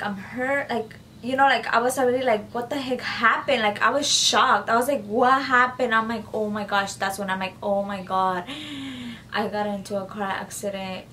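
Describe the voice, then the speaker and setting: A woman's voice: mid-range voice, pushed and bright, a little hiss or hum. A young woman vlogger recounting a personal story in a casual, rambling way, with many fillers and repeated phrases, subdued after an injury.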